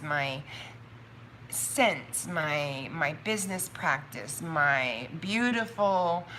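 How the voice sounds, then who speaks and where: A woman chatting on her own live stream about her soap business, thinking out loud with quick asides and laughs. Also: fairly low pitch, slight background noise. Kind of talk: casual livestream chat.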